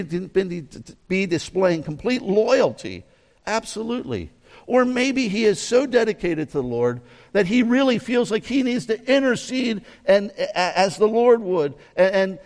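A man gives a conversational sermon, his voice pitched a little high. He asks his listeners questions and shifts from quiet asides to raised, emphatic lines. A long reverb trails after his words. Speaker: preacher. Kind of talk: outdoor sermon. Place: outdoors near a mountain.

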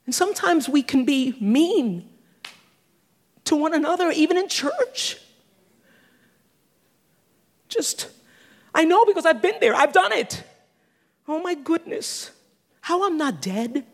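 A woman in her sixties preaching a sermon, animated, with teasing asides and laughter. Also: high-pitched, measured pace, long pauses. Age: 60s. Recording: long hall reverb.

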